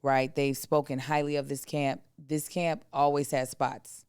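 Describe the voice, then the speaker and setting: A woman in her thirties, co-hosting a podcast, telling a family story in a casual, animated way and acting out the other people's voices. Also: sits low, measured pace, clear, resonant tone, dry recording, studio quality. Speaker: podcast co-host.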